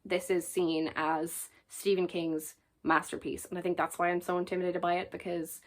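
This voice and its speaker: A woman book reviewer, her voice somewhat low, chats to the camera about her picks with jokes and enthusiasm. Her delivery is flat at a normal speed.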